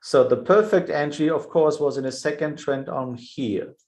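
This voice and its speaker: A man's voice: fairly high pitch, normal speed, a little mellow, poor audio. A man hosting a live trading webinar, thinking aloud over charts with frequent "yeah" fillers. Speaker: trading show host.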